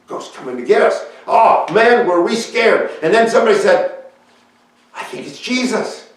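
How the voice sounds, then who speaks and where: A man speaking as the fisherman Peter, telling his story in a plain, folksy and halting way. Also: sits high, lively intonation, pitched above the performer's own voice. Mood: storytelling. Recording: echoey room, voice picked up from far off.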